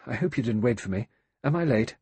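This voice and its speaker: A man voicing a nervous young woman in an audiobook, speaking quickly and hesitantly. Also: mid-range voice, a little mellow, breathy edge, no echo, pitched above the performer's own voice, lightly acted. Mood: hurried.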